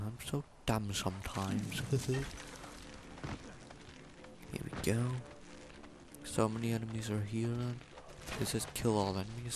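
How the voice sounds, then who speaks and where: Swearing gamer man yelling at his game. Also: on the low side, creaky, background noise. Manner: swears constantly, yells at enemies. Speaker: gameplay commentator. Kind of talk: let's play commentary.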